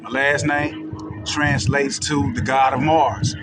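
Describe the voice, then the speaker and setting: Man, Texan accent, casual livestream talk, direct and easygoing, mid-pitched voice. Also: little pitch movement, slow pace, over loud music. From Texas. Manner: loose, street-casual and direct, with frequent "you know what I'm saying". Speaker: livestream host.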